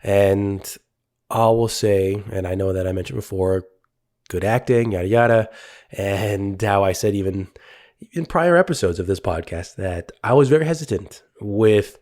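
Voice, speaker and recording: Chuckling man, low voice. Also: normal speed, darkish tone. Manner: laughs often, hesitant, thinks aloud. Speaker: podcast co-host. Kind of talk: casual film discussion.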